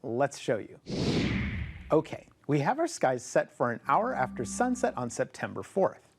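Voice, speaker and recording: A man's voice: medium pitch, very animated, a little slow. A man co-hosting a scripted astronomy program as a planetarium director, with an upbeat presenter's reading.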